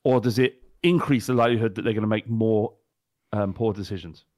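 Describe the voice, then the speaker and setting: A man's voice: on the low side, fairly even intonation, brisk, darkish tone, dry recording, studio quality. A man co-hosting a football podcast, ranting bluntly and heatedly with plenty of swearing. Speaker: podcast co-host. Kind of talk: casual chat.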